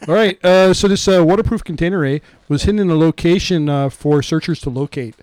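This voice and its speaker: A man's voice: on the high side, a little fast, darkish tone. A man co-hosting a casual comedic chat, joking around and tacking "eh?" onto his sentences.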